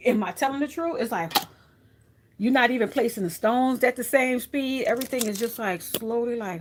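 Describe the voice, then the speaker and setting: A woman crafter chatting casually to her viewers, telling stories in a lively, animated way with frequent laughs and asides. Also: on the high side, moderate pace, slight background noise. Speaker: craft vlogger.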